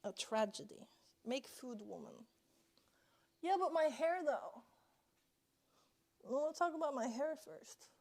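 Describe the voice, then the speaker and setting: Woman streamer, high bright voice, unhurried, sweary chatter from home. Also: animated. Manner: chatty, swears a lot, yells at bugs. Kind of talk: casual live-stream chat. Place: indoors at home.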